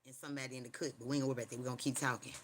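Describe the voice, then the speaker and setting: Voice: medium pitch, level tone, racing, fairly bright tone, slight background noise. Rambling livestream host preaching and storytelling from home, slangy, cussing a lot, keeps asking if ya hear them.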